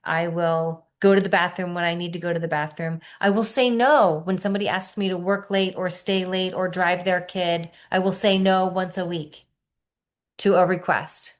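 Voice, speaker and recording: A woman in her fifties, a coach leading an online workshop, talking in an earnest, encouraging way and easing into soft, slow guided reflection. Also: fairly low pitch, steady tone.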